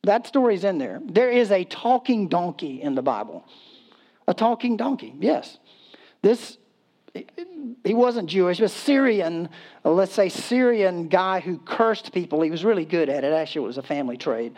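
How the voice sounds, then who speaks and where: A man's voice: high-pitched, moderate pace. A man preaching a sermon in a casual, humorous storytelling way, acting out voices and laughing as he goes. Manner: acts out voices in quotes, animated. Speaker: pastor.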